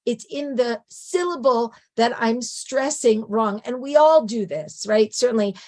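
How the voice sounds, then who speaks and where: A woman's voice: fairly high pitch, measured pace, darkish tone. A middle-aged native English-speaking woman giving a conversational lecture, often checking in with a rhetorical "right?". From English-speaking country. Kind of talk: lecture on biblical poetry.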